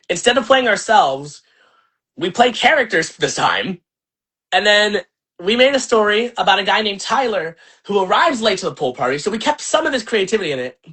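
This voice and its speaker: Young male host, casual livestream rant, husky tone, very lively intonation, rambling and profane. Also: sits high. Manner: animated, profane, rambling with many fillers. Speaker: channel host and filmmaker.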